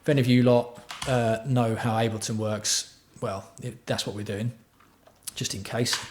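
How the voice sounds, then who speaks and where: A man's voice: medium pitch, fairly even intonation, moderate pace, slight background noise. A man hosting a casual livestream tutorial on music production. He chats with his viewers and swears freely. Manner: chatty, swears freely, answers viewer chat.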